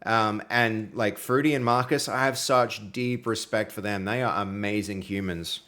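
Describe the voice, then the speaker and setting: A man's voice: on the low side, normal speed, bright, forceful tone. A young man with an Australian accent chats casually to his stream audience while he works through code. His talk is friendly and loose, packed with fillers. He reads viewers' messages aloud as they come in. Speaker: livestreaming programmer. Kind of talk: casual live-stream chat while coding.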